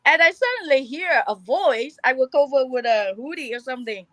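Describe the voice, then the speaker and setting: A woman guest in casual chat, talking in halting, filler-heavy broken English. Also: sits high, animated, pushed and bright, no echo, low-quality recording.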